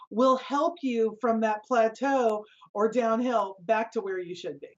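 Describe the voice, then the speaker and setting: A woman's voice: fairly high pitch, unhurried, muffled recording. A woman author answering interview questions from a remote link, giving encouraging relationship advice.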